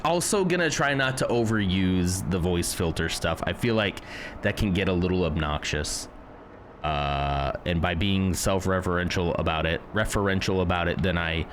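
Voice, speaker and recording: A man's voice: sits low, a bit bright, a little hiss or hum. A man streaming a game live, chatty and self-deprecating as he talks to his chat.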